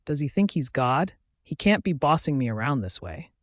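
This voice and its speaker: A man narrating a fantasy romance audiobook in the first person. His voice sits a little high, and the delivery is steady. The sound is dry and close to the mic. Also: moderate pace, dry recording.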